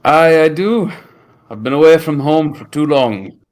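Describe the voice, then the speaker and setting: A man's voice: a little high, expressive, measured pace, a little mellow. Courteous male dwarf adventurer, formal and polite, tabletop game, played by a man. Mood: courtly.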